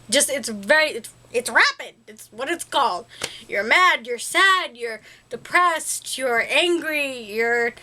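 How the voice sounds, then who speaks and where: Bright-voiced chatty young woman vlogger. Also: high voice, slight background noise. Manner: chatty and rambling, laughing often. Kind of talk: casual talk to camera.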